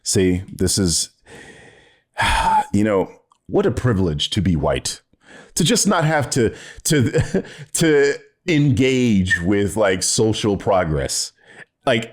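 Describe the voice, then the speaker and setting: A lowish, sing-song voice at a measured pace belongs to a U.S. commentary YouTuber reacting to a video. Exasperated and sarcastic, he swears a lot and laughs in disbelief, keeping the commentary casual and profane.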